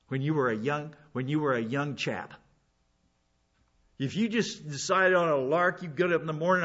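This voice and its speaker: A man's voice: fairly high pitch, fairly bright tone, breathy edge. A man preaching a verse-by-verse Bible sermon, conversational with folksy asides and frequent restarts. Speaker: pastor. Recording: dull lo-fi sound.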